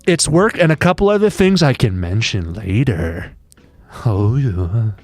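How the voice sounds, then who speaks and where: A man's voice: mid-range voice, very animated, unhurried, a little mellow, dry recording, faint music behind. A man chatting casually on a live stream, rambling and joking with many restarts.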